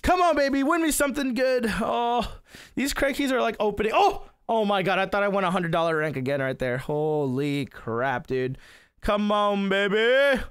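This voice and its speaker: A young man giving excitable let's-play commentary on a game, often exclaiming and laughing. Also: sits high, brisk, clean tone, dry recording, studio quality. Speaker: gaming YouTuber.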